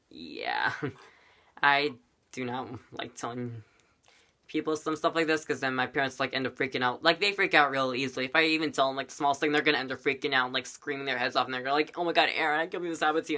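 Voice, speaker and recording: Male vlogger, storytime, rambly and dramatic, bright tone, middle pitch. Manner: rambling, many fillers, dramatic. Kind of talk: storytime vlog.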